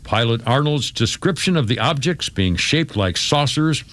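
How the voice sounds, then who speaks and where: A man's voice: mid-range voice, lively intonation, normal speed, fairly bright tone. A man hosting a radio talk show, chatting casually with callers and a co-host, with frequent restarts and laughter.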